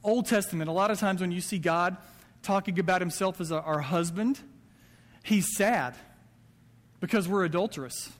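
Male pastor, conversational sermon, higher voice, long hall reverb. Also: brisk. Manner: conversational preaching with quoted asides. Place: church sanctuary.

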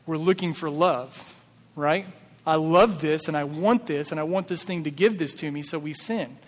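A man with a fairly high voice preaches in a church sanctuary and keeps throwing rhetorical questions at the congregation. His speech stays casual and conversational. A long reverb from the hall follows every line. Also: moderate pace. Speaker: pastor. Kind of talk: sermon.

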